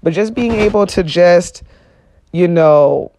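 A man's voice: high voice, takes it slowly, warm tone, a little hiss or hum. A young man hosting a solo podcast, talking earnestly and casually with lots of "you know what I'm saying" fillers, rising when he stresses a point. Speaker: podcast host.

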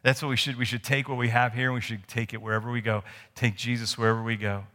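The sermon comes quickly from a man with a medium-pitched, sharp voice and a flat delivery. He's the pastor, telling stories in a conversational way with restarts and asides, and the church sanctuary carries a long hall reverb.

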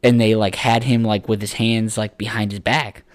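A man's voice: fairly low pitch, flat delivery, moderate pace, no echo. A man co-hosting a podcast, chatting casually about sports in a rambling, profane way full of filler words. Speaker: podcast co-host.

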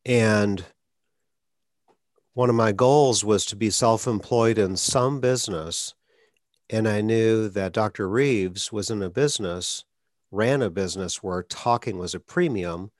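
A man's voice: lowish voice, unhurried, dry recording, clean studio sound. A man from Atlanta, hosting an interview and speaking plainly about his own stuttering. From Atlanta, Georgia, US. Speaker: podcast host.

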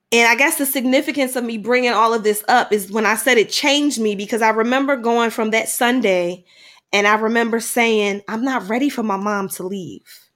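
Expressive middle-aged woman storyteller, fairly high voice. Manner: animated, acts out dialogue in quick bursts; grows quiet and slow at heavy moments. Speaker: guest sharing a personal story. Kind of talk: conversational storytelling.

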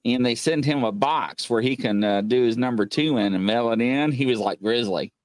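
A man's voice: mid-range voice, a little fast, dry recording. A man, hosting a casual live-stream chat and telling funny stories. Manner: joking storyteller, laughs often. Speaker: show host.

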